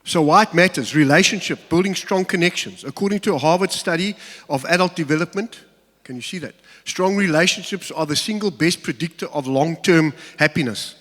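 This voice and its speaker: Male preacher, candid and halting in personal stories, raised pitch, reverberant hall sound. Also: fairly bright tone. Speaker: pastor. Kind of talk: sermon. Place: large church hall.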